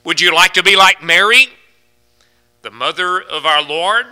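A man's voice: high-pitched, unhurried, sharp tone, rough recording. A man preaching a folksy sermon, asking his congregation question after question and stretching out the key words. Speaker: pastor.

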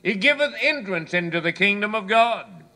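A man preaching a sermon, telling folksy stories and quoting scripture, dropping low for quiet asides. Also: lively intonation, moderate pace. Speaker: pastor.

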